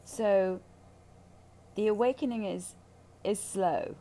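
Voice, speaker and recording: A woman's voice: fairly low pitch, lively intonation, measured pace, dark tone, a little hiss or hum. A woman who guides ayahuasca ceremonies, talking candidly about spiritual healing in a blunt, intense, profane way.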